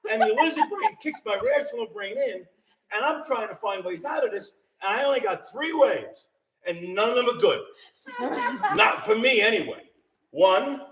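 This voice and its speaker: A man's voice: high-pitched, a bit bright, recorded from a distance. A middle-aged man animatedly telling a ghost story to a small live audience, laughing and acting out the voices. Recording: roomy sound from off-mic.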